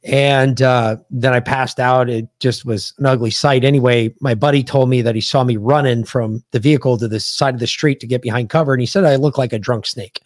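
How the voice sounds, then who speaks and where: A man's voice: medium pitch, steady tone, fairly quick, hardly any pauses, no echo, studio quality. A man from the United States, a podcast host, bluntly and profanely retelling a combat story in casual conversation.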